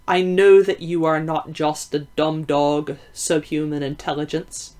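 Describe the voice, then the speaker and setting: A woman reading aloud, voicing a shrewd, formal Victorian male detective with measured, deliberate speech. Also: low voice, level tone, dark tone. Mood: probing. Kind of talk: audiobook reading.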